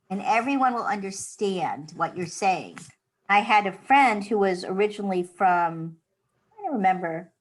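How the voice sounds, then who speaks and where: Middle-aged American woman, slow and patient teacher, demonstrates sounds. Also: medium pitch, darkish tone, rough recording. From United States. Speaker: Hebrew teacher. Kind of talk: online class lesson.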